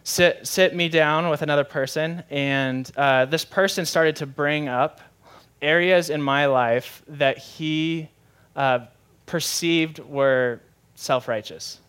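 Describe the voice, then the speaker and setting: Man, young adult, pastor, conversational sermon, self-deprecating, somewhat high pitch. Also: slow pace, a bit bright, clear, resonant tone.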